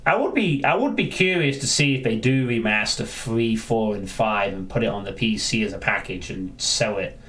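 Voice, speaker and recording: A man's voice: fairly low pitch, moderate pace, a bit bright. A man chatting casually on a live stream, rambling and answering viewers, often restarting his sentences.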